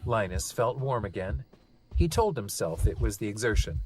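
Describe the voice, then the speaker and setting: A reader calmly narrating a novel as an audiobook, with expressive storytelling. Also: mid-range voice, moderate pace, slight background noise.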